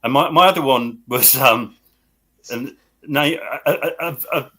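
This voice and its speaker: A man's voice: medium pitch, unhurried, pushed and bright, breathy edge. A middle-aged man hosting a casual chat about records. He laughs often as he talks. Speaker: host. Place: home room. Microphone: webcam or computer mic.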